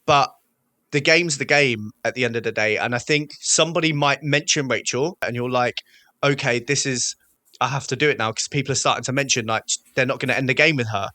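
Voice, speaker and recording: Male co-host, blunt and teasing, bright voice, dry sound. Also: medium pitch, fairly quick, dry recording. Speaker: podcast co-host. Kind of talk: casual podcast chat.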